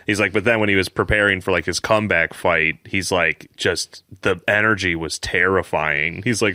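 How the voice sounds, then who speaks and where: Podcast co-host, male, deep-ish voice, lively stories, dry close sound. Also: moderate pace, no room sound. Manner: animated storyteller, swears often. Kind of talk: casual chat.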